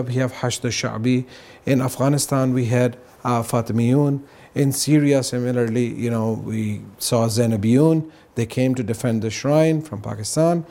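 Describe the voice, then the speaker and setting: Earnest man with a mellow voice. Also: medium pitch. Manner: earnest, explanatory, peppered with "right?" and "you know". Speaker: guest on a religious talk show. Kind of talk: casual explanatory talk.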